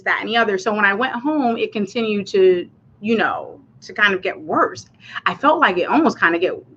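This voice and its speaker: A woman's voice: fairly high pitch, sharp tone, muffled recording. A woman hosting a casual personal livestream. She talks in a chatty, rambling way with many fillers and restarts, and her voice sounds anxious and cracks. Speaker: livestream host.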